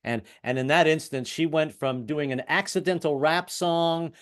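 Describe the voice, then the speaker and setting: Middle aged guy doing standup on a video call, kinda high voice, wry, trips over his words. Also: normal speed, fairly bright tone, clear, resonant tone. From US, moved around incl. the South. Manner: self-deprecating, wry punchlines with stammered restarts. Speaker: stand-up comedian.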